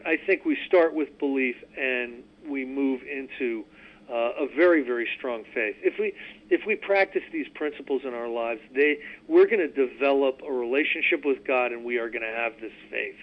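A man's voice: mid-range voice, moderate pace. Earnest man on a muffled radio show. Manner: earnest, emphatic, repeats words. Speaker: radio host teaching recovery steps. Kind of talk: earnest spiritual talk and reading aloud.

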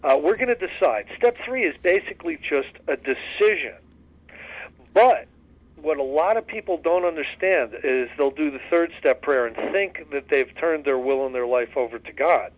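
A man's voice: a little high, animated, normal speed, dry recording. Earnest man on a dull dry line. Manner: earnest, folksy storyteller with many restarts and fillers. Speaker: recovery study leader. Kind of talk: casual spoken study discussion.

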